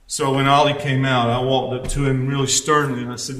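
Male preacher, chatty storytelling sermon with dry humor, sharp bright tone, roomy echo. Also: mid-range voice, level tone, a little fast, slight background noise. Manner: storytelling, wry asides. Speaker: pastor. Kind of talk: conversational sermon.

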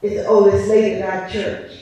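A woman's voice: mid-range voice, flat delivery, brisk, dark tone. A woman giving an impassioned church testimony as a licensed preacher, with a preaching cadence and emphatic repetition. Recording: echoey church from a distance.

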